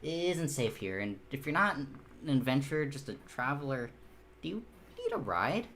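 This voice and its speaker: Dude doing a no-nonsense young farm girl, chatty, kinda fed up, bouncy pitch. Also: big pitch swings, normal speed, a bit bright, slight background noise. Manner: casual, chatty, a bit impatient. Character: blunt young farm girl, exasperated with her brother.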